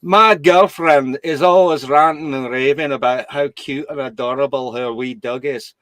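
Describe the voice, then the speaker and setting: A man's voice: mid-range voice, steady tone, moderate pace, a bit bright, no room sound, close to an everyday voice. A man putting on a Scottish accent to mimic a well-known online comedian in a mocking way. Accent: put-on Scottish.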